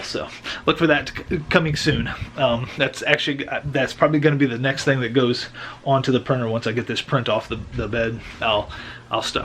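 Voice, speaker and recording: A man's voice: medium pitch, bright, forceful tone. Rambling man vlogging at home. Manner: rambling, joking, self-interrupting. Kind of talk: casual vlog chat. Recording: noisy home recording.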